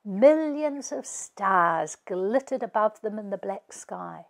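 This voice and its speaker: Woman, storyteller, read-aloud narration, slow, lively pitch. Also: creaky. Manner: expressive storyteller. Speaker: author reading her book.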